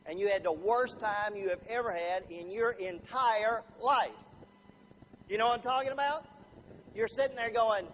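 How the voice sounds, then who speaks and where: High-voiced man quizzing a live crowd. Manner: chatty, quizzes the crowd with show-of-hands questions. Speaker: motivational speaker. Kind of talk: humorous live talk to an audience. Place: room with a live audience. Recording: dull lo-fi recording with faint noise.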